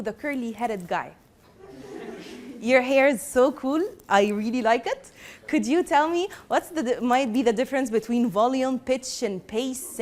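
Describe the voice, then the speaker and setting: Egyptian lady lecturer, lively and teasing, talks to her class, a bit high. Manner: lively, mixes Arabic and English, teasing. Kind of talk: classroom lesson.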